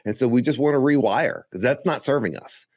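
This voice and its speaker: A man's voice: mid-range voice, animated, a little fast, a little mellow, dry recording. Guy cohosting a chill podcast, rambly and upbeat, kinda muffled dry mic. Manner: rambling, many restarts, upbeat. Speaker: podcast co-host. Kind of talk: casual podcast chat. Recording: slightly dull, dry sound.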